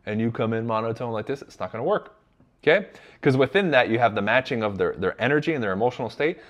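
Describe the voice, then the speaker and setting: A man coaching sales in a blunt, emphatic way. He talks straight at his listeners, calls them "you guys," and drops a casual curse now and then. His voice sits at an average pitch. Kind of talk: direct motivational instruction.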